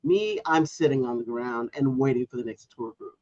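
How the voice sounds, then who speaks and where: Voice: mid-range voice, normal speed, a little mellow, dry recording, highs cut off. A podcast co-host in casual chat, telling a story and arguing her point with emphatic disbelief.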